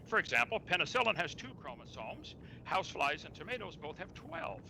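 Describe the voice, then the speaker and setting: A man's voice: on the high side, big pitch swings, a little fast, gravelly, sharp tone, a little hiss or hum, low-quality recording. A man arguing his side in a debate, piling up rhetorical questions. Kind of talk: debate argument.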